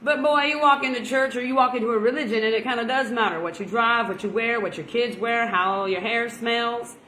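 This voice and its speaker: A woman from Oklahoma preaches in a loose, folksy ramble, chuckling at her own jokes. Her voice sits a little high. The sound carries a roomy echo with a faint ambient hum underneath. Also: brisk, sharp tone. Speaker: online preacher. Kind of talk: casual folksy sermon.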